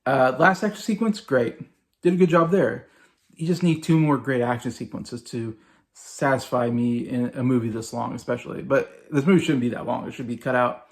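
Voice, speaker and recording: A man's voice: mid-range voice, normal speed. A man in his forties giving a casual, rambling movie review, full of fillers and repetition. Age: 40s. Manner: rambling, filler-heavy, repeats himself.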